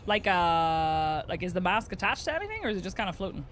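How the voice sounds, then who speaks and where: Her voice sits on the low side and her pace is quick, with a little background noise. As she streams a game, the woman chats casually and tells stories, animated and laughing frequently.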